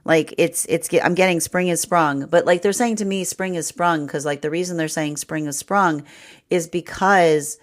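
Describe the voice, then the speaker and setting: A woman's voice: fairly low pitch, normal speed. A woman giving a rambling livestream tarot reading, often acting out imagined inner voices and breaking into laughs. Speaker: tarot reader.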